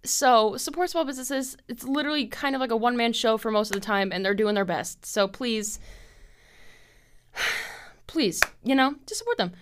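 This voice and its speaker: A young woman in her twenties hosting a casual solo podcast from her apartment, telling stories in an animated way, acting out quoted people in a higher voice and swearing freely. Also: quick pace, few pauses, slight background noise. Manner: animated storytelling, acts out quotes in a high voice, swears. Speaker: podcast host.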